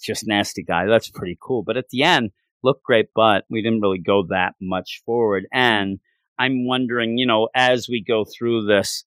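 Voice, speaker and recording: A man co-hosting a casual manga chat, talking in animated, rambling runs full of restarts and fillers. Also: fairly low pitch, moderate pace, smooth, no echo, clean studio sound. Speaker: podcast co-host.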